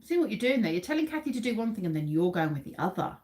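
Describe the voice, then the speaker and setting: A woman's voice: medium pitch, sing-song, racing, a little mellow. A woman in her forties from England hosts a live quiz on her channel, chatting casually with viewers by name and reading out facts. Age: 40s. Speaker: livestream host. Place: dim room at home.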